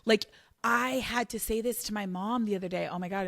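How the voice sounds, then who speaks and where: A young woman co-hosting a faith podcast, talking candidly and emotionally, with quick bursts of affirmation. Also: mid-range voice, creaky, fairly bright tone. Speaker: podcast co-host.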